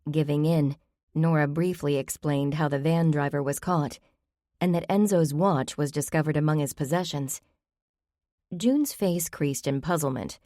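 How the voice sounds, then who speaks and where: Low-voiced woman narrating a novel. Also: a little slow, mellow, dry recording, clean studio sound. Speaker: audiobook narrator. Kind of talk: scripted narration.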